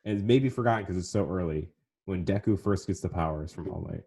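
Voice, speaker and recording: Earnest man with a lowish voice. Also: fairly quick, breathy edge. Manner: earnest, emotional, relaxed slang. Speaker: podcast guest or host. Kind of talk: casual chat.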